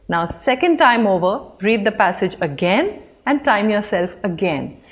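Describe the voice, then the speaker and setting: A woman teaching English in an online lesson, with clear, deliberate delivery. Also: medium pitch, very animated.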